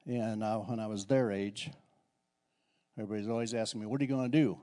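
A man's voice: fairly low pitch, fairly even intonation, quick pace, mellow. A middle-aged man preaching a conversational sermon in a church, often repeating and restarting his words. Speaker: pastor.

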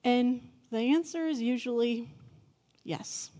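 A woman's voice: on the high side, dark tone. Candid, chatty woman pastor preaching. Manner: candid, conversational, self-deprecating with quick asides. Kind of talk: sermon.

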